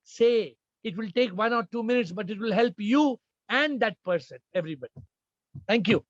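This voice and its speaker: Man, high voice, spiritual teacher answering questions, emphatic and repetitive, dry muffled sound. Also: lively intonation, moderate pace, dry recording. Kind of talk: informal spiritual Q&A talk.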